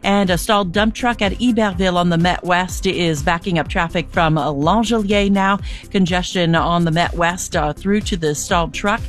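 A woman giving a brisk radio traffic report, listing stalled trucks and slowdowns. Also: on the low side, soft background music.

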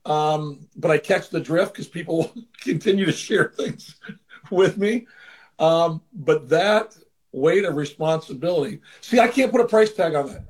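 Speaking at a measured pace in a slightly high voice, this man is an interview guest and former baseball manager. He earnestly relates a personal story in relaxed conversation, sometimes voicing the people he quotes.

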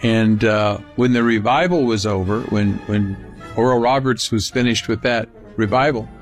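A man's voice: fairly low pitch, moderate pace, soft background music. An older man from California telling a casual personal anecdote in a folksy, rambling way with frequent restarts. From Palm Springs, California. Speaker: storyteller.

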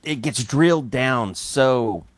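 A man's voice: mid-range voice, animated, slow pace, dry recording. A man from Scotland co-hosting a casual talk show, giving thoughtful, rambling opinions. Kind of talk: casual chat.

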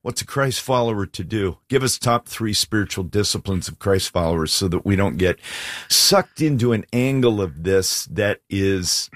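A man with a low voice hosts a talk radio show, lively and animated. His pitch swings widely as he jumps in with questions and quick reactions. The sound is dry and close to the mic. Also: dry recording. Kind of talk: casual interview talk.

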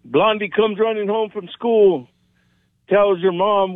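A man's voice: high-pitched, fairly even intonation, slow pace, dry recording. A man calling in to a radio show and telling a joke in a chatty way. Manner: chatty, storytelling. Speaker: caller. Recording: dry tinny phone line.

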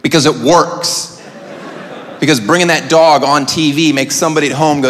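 A man's voice: fairly high pitch, moderate pace, a bit bright, in a large hall. A man doing a stand-up routine in a sardonic way, full of rhetorical questions. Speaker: stand-up comedian.

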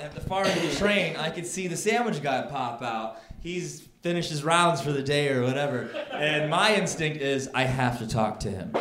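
A male stand-up comic with a slightly high voice, telling a story on a club stage into a handheld mic. The room is roomy and echoing, and a crowd laughs throughout. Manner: animated, acts out scenes with rising outbursts. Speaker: stand-up comedian.

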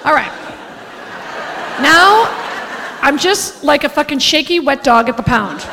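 A woman stand-up comedian telling a brash, profane story with animated delivery. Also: high-pitched, unhurried, in a large hall, a loud crowd, very noisy.

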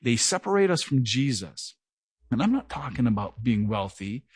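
A man's voice: mid-range voice, sing-song, moderate pace, breathy edge, dry recording. A middle-aged man preaching an earnest verse-by-verse Bible teaching, with a slight stutter. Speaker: pastor. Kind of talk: sermon.

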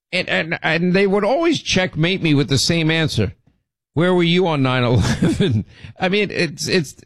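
A man's voice: mid-range voice, no echo. A middle-aged man hosting a show, telling rambling stories and teasing his co-host in casual banter. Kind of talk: casual on-air storytelling.

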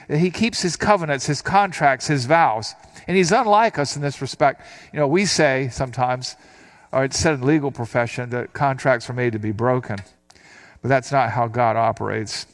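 Older male preacher, mid-pitched, casual explanatory sermon delivery, reads verses then unpacks them. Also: normal speed. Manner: conversational, reading scripture aloud and explaining it. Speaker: Bible teacher.

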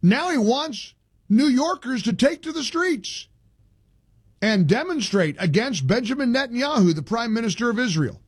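A man's voice: extremely high pitch, sing-song, normal speed, slightly rough, dry recording, studio quality. A male talk show host giving indignant, emphatic political commentary, often restarting his sentences.

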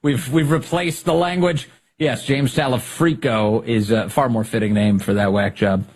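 A man hosting a podcast, giving casual political commentary in a sarcastic, animated way with frequent laughter. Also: normal speed, husky. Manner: sarcastic, laughs often, animated pitch jumps. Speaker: podcast host.

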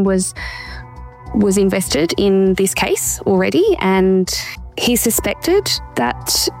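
A woman speaking as an interview guest, with a gravelly, creaky edge to her voice. She talks in an earnest, searching way and often restarts her sentences. Soft music sits faintly underneath. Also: mid-range voice. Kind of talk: personal account in an interview.

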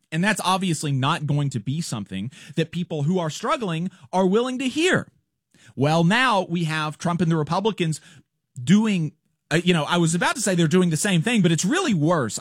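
A man hosting a political commentary show, talking casually, animated and scornful, laughing often. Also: high voice, no echo, clean studio sound.

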